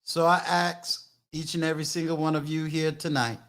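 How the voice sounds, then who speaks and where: An older man hosting a live-streamed talk show, emphatic, booming out introductions and shout-outs. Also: flat delivery, normal speed. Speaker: host.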